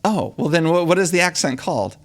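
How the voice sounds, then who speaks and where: A man's voice: on the high side, lively intonation, a little fast. A man hosting a podcast, curious and asking questions with little restarts. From United States. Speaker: podcast host. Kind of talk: casual interview chat.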